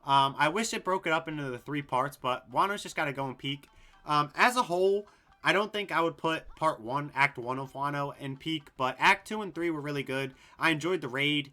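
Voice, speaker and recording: A young man casually ranking anime story arcs, excitable and rambling, swearing a lot and full of fillers. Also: a little high, fairly quick. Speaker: anime video host.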